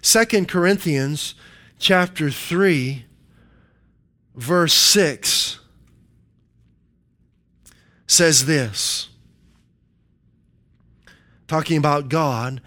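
A man's voice: a little high, drawn-out words, pauses often, sharp tone. A man preaching a sermon, emphatic and repetitive, quoting scripture and hammering his points. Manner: emphatic preaching with repeated phrases and scripture quotes.

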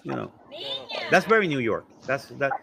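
A man's voice: medium pitch, animated, a little fast, gravelly, a bit bright. A man with a Puerto Rican accent in casual chat, rambling and jokey, slipping into impressions. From Puerto Rico.

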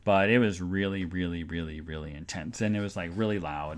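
A man with a deep voice, speaking a little fast, runs a live podcast where he rambles casually. He reads listener chat comments aloud and jokingly, sarcastically promotes the show.

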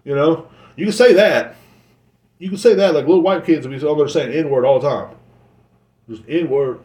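A man hosting a casual solo podcast, rambling and joking with plenty of swearing. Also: fairly high pitch. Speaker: podcast host. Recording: roomy echoey recording.

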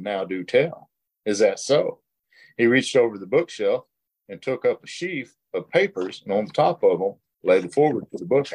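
Middle-aged man, fairly low voice, earnest and plainspoken, reads a text and tells his own story in a recovery group. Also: slightly rough. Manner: earnest, plainspoken, with short laughs. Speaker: workshop leader. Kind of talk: reading aloud and sharing recovery experience.

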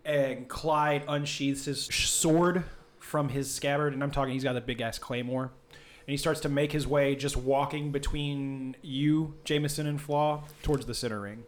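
A man narrating a tabletop game as game master, casual and relaxed with many fillers. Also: mid-range voice, normal speed.

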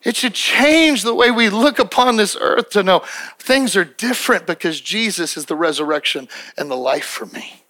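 A middle-aged man preaching a sermon as pastor, emphatic and repetitive, acting out quick little dialogues. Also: high voice, lively intonation, pushed and bright.

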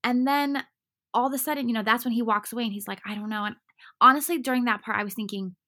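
A woman's voice: on the high side, fast, bright, forceful tone. A woman chatting casually and animatedly, full of fillers, recapping episodes with a co-host. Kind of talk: casual chat recapping a dating show.

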